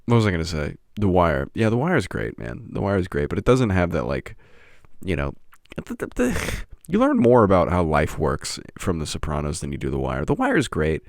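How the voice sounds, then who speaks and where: A man's voice: low-pitched, huge pitch swings, fairly quick, dry recording, studio quality. A man hosting a podcast, rambling, profane and self-mocking. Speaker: podcast host.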